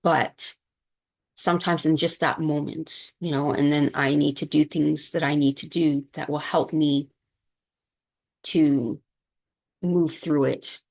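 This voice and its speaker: A woman's voice: sits low, fairly even intonation, slow, gravelly, pauses often. A woman podcast host and minister telling a candid personal story, rambling with many fillers and getting emotional.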